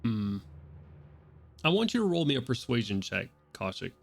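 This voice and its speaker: Gravelly man as game master, faint music under him. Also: medium pitch, big pitch swings, normal speed. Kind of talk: running a tabletop game.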